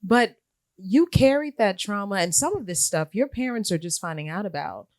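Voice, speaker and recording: Woman host, reflective, affirming, mid pitch, dry close sound, conversational interview. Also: lively intonation, normal speed, darkish tone, no echo. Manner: reflective, affirming, prompting the guest.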